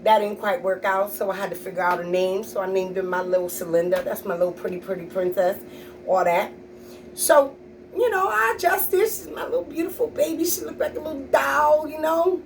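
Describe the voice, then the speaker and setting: A woman's voice: mid-range voice, fairly quick, vocal fry, recorded from a distance, slight background noise, rough recording. A middle-aged woman comedian telling stories about her kids in a sassy, blunt, profane way. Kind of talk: stand-up storytelling.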